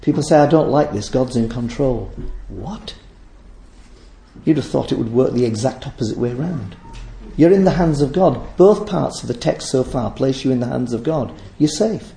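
A man's voice: mid-range voice, lively intonation, moderate pace, vocal fry, mellow, roomy sound, a little hiss or hum. A man preaching a sermon in a church, speaking emphatically and repeating phrases for stress.

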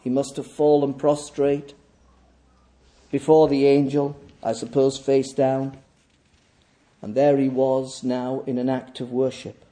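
A man preaching a sermon in a measured, emphatic way, pausing deliberately between phrases. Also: medium pitch, completely flat delivery, mellow.

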